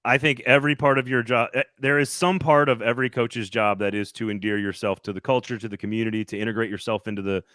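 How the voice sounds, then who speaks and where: A man's voice: mid-range voice, level tone, fast talker, few pauses, a bit bright, no echo, studio quality. A man co-hosting a casual sports talk show, rambling with lots of restarts and easy laughter. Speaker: podcast co-host reporting from media days.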